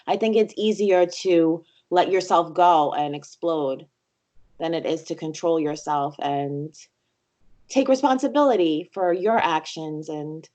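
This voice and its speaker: A woman's voice: lowish voice, darkish tone. A young adult woman speaking earnestly and reflectively as a podcast guest, encouraging listeners in casual conversation.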